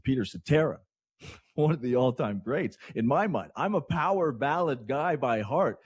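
A man from Canada hosting morning radio, talking in a chatty, rambling way with excitable asides. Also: mid-range voice, slightly rough, dry recording, clean studio sound. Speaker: radio host.

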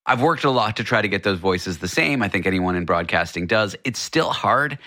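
Bright-voiced male radio host. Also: lowish voice, lively intonation. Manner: joking, quick asides. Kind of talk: casual radio interview.

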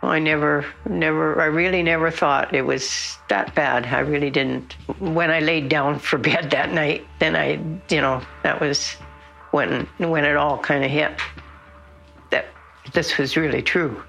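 An older woman, a grandmother, speaking quietly and repeating herself in a documentary interview. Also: sits low, fairly even intonation, a little slow, creaky, soft background music, low-quality recording.

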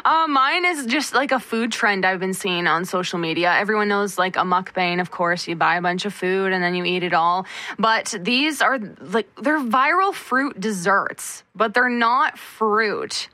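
A woman's voice: medium pitch, expressive, measured pace, sharp tone, no echo. A woman co-hosting a radio show, chatting with many fillers and a note of mock disgust. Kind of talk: casual on-air chat.

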